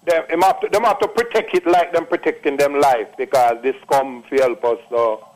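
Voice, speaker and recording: An older Jamaican man in his late sixties phones in with an emphatic testimonial. His voice sits a little high for a man, and he keeps circling back with "trust me" and patois phrasing. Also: a little fast, rough recording. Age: late 60s. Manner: repeats himself, drops into patois, emphatic. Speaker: caller.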